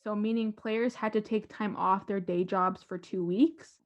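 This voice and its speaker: A woman's voice: mid-range voice, steady tone, unhurried. Female podcast co-host, chatty and careful with facts, muffled lo-fi mic. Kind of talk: casual sports chat.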